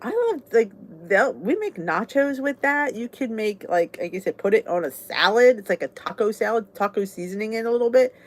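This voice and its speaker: Woman, middle-aged, casual chatty host, laughs often, frank, lively voice. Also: on the high side, a little fast, hardly any pauses. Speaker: vlog host. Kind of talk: casual chat with viewers.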